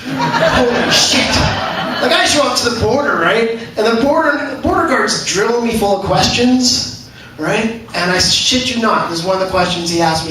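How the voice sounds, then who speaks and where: Brash high-voiced comic in echoey club. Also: male voice, bright, forceful tone. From Canada. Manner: brash, profane storytelling with quick asides. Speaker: stand-up comedian. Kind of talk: stand-up comedy set. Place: comedy club stage. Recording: echoey club, far from mic, audience noise. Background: audience laughter.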